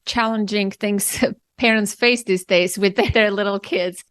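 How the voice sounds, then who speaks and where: A woman hosting an interview, asking slow and careful questions of her guest. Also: mid-range voice, steady tone, fairly bright tone, clear, resonant tone, dry recording, clean studio sound. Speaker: podcast host, interviewer.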